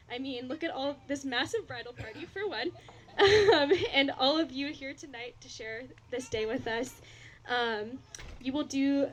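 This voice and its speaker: A woman raises a heartfelt toast to the bride and groom, speaking affectionately and a little haltingly. Her voice sits high, with faint reception ambience behind it. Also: a little hiss or hum, rough recording. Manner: warm, affectionate, slightly halting. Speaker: wedding guest giving a toast. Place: wedding reception.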